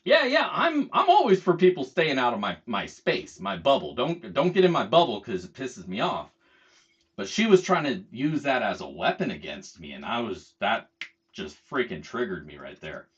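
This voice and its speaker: A man's voice: medium pitch, wildly swooping pitch, moderate pace. A middle-aged man telling a story as a heated casual rant, swearing freely and mocking other people's words. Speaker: channel host. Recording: dull lo-fi sound.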